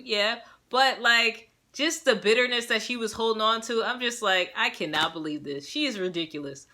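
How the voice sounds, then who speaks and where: A young woman giving a casual, sassy and animated recap of a show episode, full of slang. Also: a little high. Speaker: show reviewer.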